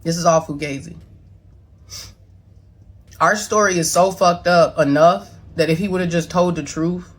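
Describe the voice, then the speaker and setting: A middle-aged woman with a lowish, slightly rough voice speaks unhurriedly and pauses often. Talking straight to camera, she is blunt and profane, close to tears as she defends herself to her son's online followers.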